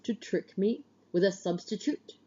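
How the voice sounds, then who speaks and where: A woman's voice: mid-range voice, warm tone, highs cut off, close to an everyday voice. Woman doing a hulking scornful hero. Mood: suspicious. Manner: slow, mocking drawl. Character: huge scornful male warrior hero, brutish.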